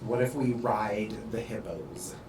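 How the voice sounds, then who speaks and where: A man's voice: on the low side, takes it slowly, a little mellow. A man playing a tabletop game in a goofy, playful manner. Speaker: player. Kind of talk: casual tabletop play. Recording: echoey distant mic with noise.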